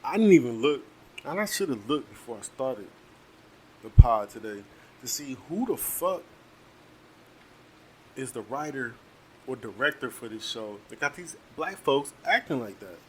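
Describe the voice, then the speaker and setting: A man's voice: medium pitch, sing-song, unhurried, pauses often, darkish tone, slight background noise. A man from Detroit hosting a casual solo podcast, talking bluntly and heatedly with lots of profanity while eating and drinking. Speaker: podcast host.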